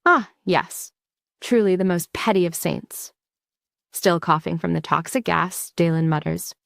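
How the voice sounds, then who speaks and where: A woman narrating a scripted comic recap in a quick, wry storytelling manner. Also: on the low side, gravelly, a bit bright, no echo.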